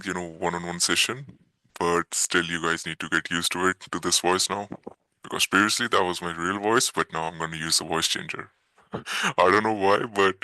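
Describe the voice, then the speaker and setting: A man's voice: deep voice, bright, forceful tone, no room sound, voice pushed down, rough recording. A man talking to his group through a voice changer, laughing and self-conscious about it.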